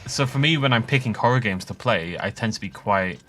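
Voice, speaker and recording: A man's voice: on the low side, animated, a little fast, bright, forceful tone, slight background noise. A man casually commentating on his gameplay, chatty and rambling, laughing often. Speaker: let's play host.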